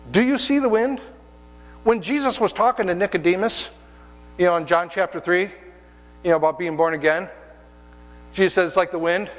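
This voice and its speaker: A man's voice: high-pitched, long reverb tail, poor audio. A man preaching a sermon as pastor, telling personal stories in a conversational way and acting out the voices in them. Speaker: pastor and hospice chaplain. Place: church sanctuary.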